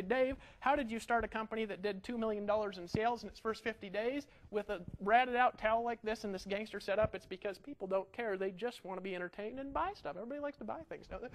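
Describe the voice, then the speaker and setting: A middle-aged man giving an energetic marketing webinar, animated and ranting, full of rhetorical questions. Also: very high voice. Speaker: online marketing instructor.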